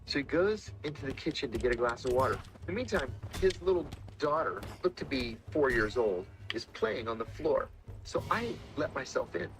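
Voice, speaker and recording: Man telling a tense spy story. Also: fairly high pitch. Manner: measured, dramatic retelling with acted quotes. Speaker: former intelligence officer telling stories. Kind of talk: storytelling interview talk.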